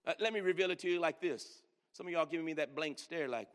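A man's voice: a little high, animated, a bit bright. A man preaching a sermon, urging the congregation to answer back and stretching key words for emphasis. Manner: preaching with call-and-response and drawn-out emphasis. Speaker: pastor. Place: church sanctuary. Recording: long reverb in a large hall.

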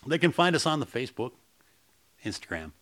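Podcast guy, bright tense voice, swears a lot, laughs a bunch, real casual. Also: mid-range voice, a little fast. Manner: excitable, profane and laughing often. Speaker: podcast co-host. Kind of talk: casual chat.

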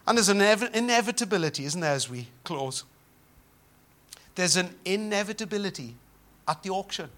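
A man preaching a sermon, swelling loud and then dropping to a hush. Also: high-pitched. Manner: dramatic, swells loud then drops to hushed. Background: guitar music.

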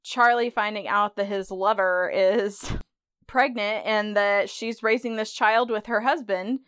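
A woman's voice: mid-range voice, fairly even intonation, a little slow, fairly bright tone, clear, resonant tone, no room sound, clean studio sound. A woman podcast host giving a chatty, conversational recap of a TV episode.

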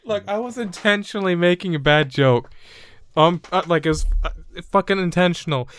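A man's voice: high-pitched, normal speed, a bit bright. A man co-hosting a casual podcast chat. He jokes a lot, swears freely and laughs at his own bad puns. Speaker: podcast co-host.

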